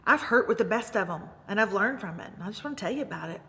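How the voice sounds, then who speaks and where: A woman's voice: mid-range voice, expressive, quick pace, pushed and bright, long reverb tail. A woman Bible study teacher giving an emphatic, repetitive faith-based motivational talk, calling her listeners "baby.".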